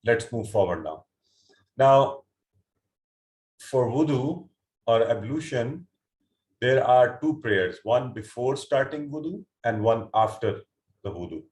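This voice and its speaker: Man teaching online class, slow unhurried delivery, echoey room, patient step by step, some fillers. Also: medium pitch, expressive, darkish tone. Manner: patient, explains word meanings step by step; hesitant, frequent fillers and restarts. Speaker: Quran teacher. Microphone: computer mic on an online call.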